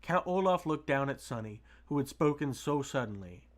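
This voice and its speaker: A man reading a storybook aloud on a stream, steady with occasional restarts. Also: medium pitch, normal speed. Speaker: streamer reading books to chat. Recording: faint music behind.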